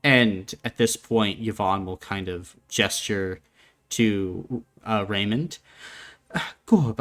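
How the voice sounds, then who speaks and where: A man's voice: lowish voice, fairly bright tone. A man narrating scenes as the game master of a tabletop role-playing game. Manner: unhurried descriptive narration. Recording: faint background music.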